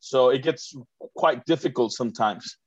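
A man from Mexico hosts a casual interview show. He talks in long, excited runs, with lots of restarts. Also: mid-range voice, normal speed, husky. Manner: rambling, many fillers and restarts, enthusiastic. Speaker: host and comedian. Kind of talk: casual chat. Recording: dull, muffled recording.

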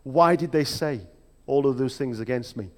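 A man preaching a sermon in a reflective, measured way, with emphatic rhetorical questions. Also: mid-range voice. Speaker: pastor. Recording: long hall reverb.

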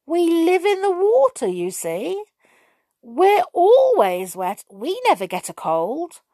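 A woman's voice: lowish voice, big pitch swings, normal speed, darkish tone, dry recording. A woman voicing an upset little female water sprite who talks plaintively. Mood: sorrowful.

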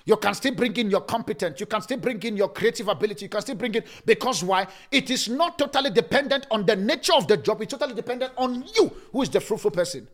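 High-voiced pastor preaching with emphatic swings. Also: male voice, quick pace, few pauses. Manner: swings from loud emphatic preaching to soft laughing asides; repeats phrases for emphasis. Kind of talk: sermon.

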